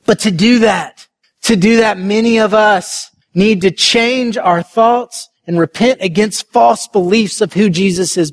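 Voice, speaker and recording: A man preaching a sermon as a pastor, earnest and building to emphatic shouts. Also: sits high.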